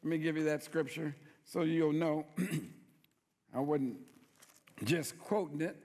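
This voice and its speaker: Pastor, male, lively folksy preacher with a high voice, recorded in an echoing sanctuary. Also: slow pace. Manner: folksy, playful preaching with call-and-response questions. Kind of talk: sermon.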